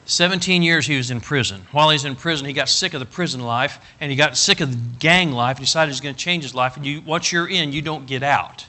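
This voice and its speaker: Middle-aged male pastor, folksy storyteller, bright slightly high voice, loud emphatic peaks. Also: fairly quick, few pauses. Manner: folksy and animated, building to loud emphatic bursts. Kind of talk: storytelling sermon.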